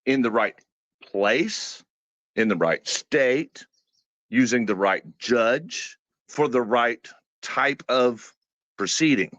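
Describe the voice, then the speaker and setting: A man's voice: medium pitch, expressive, takes it slowly, a bit bright, dry recording. A man on an online panel, explaining his view carefully and insisting on finishing his sentences. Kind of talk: heated online panel debate. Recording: dry, dull lo-fi call audio.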